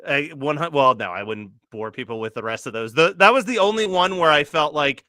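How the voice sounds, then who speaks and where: A man in his late thirties co-hosts a casual chat. His voice sits a little high and sounds bright. He rambles through a story with many fillers, and the room sounds dry. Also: fairly quick, no room sound. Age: late 30s. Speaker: co-host.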